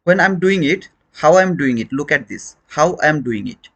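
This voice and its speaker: A man's voice: fairly high pitch, very animated, normal speed, creaky, a bit bright. Man teaching a live chart lesson. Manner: repeats points, questions chat viewers directly. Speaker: trading teacher.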